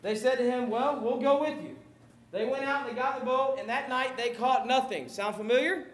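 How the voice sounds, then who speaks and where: A man preaching a sermon, animated and jokey, acting out Bible scenes as he goes. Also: extremely high pitch, a little fast, reverberant. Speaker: pastor.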